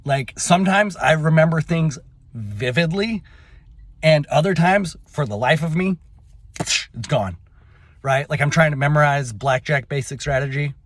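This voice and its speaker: A young adult man telling a personal story in a halting, emotional way, with many fillers and restarts. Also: a little high, no room sound. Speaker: vlogger.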